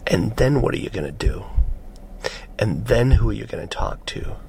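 Man as a manipulative red lizard, bargaining for its life; low, plain delivery. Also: animated, moderate pace, creaky, darkish tone, slight background noise. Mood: pleading. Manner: coaxing, bargaining. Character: clingy red lizard spirit, pleading and manipulative.

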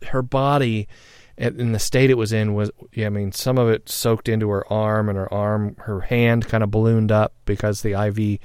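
A middle-aged man telling a personal story in a halting, reflective way, pausing often and getting loud at tense points. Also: fairly low pitch, clean tone, no room sound, studio quality. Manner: halting, reflective, with many pauses and fillers; grows loud and excited when recounting tense moments.

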